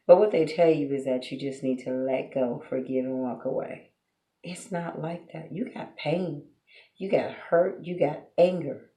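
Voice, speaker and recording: Woman lecturing viewers on relationships, blunt and preachy, gravelly voice, echoey room. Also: low-pitched, darkish tone. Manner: blunt, preachy, asks rhetorical questions. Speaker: relationship advice vlogger. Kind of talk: direct-to-camera advice monologue. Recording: roomy echo.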